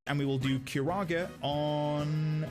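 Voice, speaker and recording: A man streaming a video game, chatting excitably with his viewers and laughing often. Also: a little high, takes it slowly, music in the background. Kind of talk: casual live-stream commentary.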